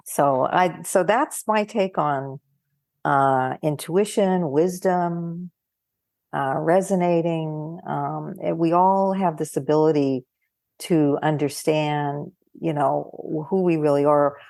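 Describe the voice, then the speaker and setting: An older woman psychologist chatting over a video call, telling animated stories, acting out quoted voices and laughing often. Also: sits low, slow, gravelly, dry recording, studio quality. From California. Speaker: guest psychologist. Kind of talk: casual conversation.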